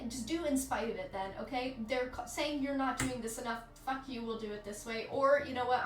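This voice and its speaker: A candid woman in her thirties, chatting to her stream with a slightly high voice and swearing freely. The room is echoey and faint music plays behind her. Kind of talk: casual chat with live chat.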